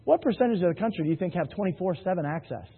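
This sales presenter talks rapid-fire in a high-pitched, expressive voice that's creaky with a breathy edge. Before a live hall audience he shares anecdotes, jokes, and keeps asking "right?". The sound is tinny and phone-like with long hall reverb.

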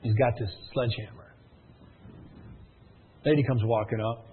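At a sales meeting, a man delivers a motivational speech to a live audience in a medium-pitched voice with fairly even intonation and normal speed. The audio is tinny and phone-like with a little hiss or hum, and he pushes listeners through emphatic, repetitive storytelling whose intensity rises and falls.

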